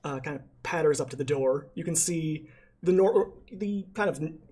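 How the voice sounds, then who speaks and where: A man's voice: fairly high pitch, normal speed, mellow, breathy edge. A man narrating as dungeon master in a playful, hesitant way, full of fillers. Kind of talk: narrating a tabletop game.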